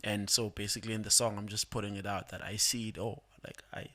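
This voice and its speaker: A young man, a rapper, calmly explaining his songs in a casual podcast chat, laughing often. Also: on the low side, quick pace. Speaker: guest rapper.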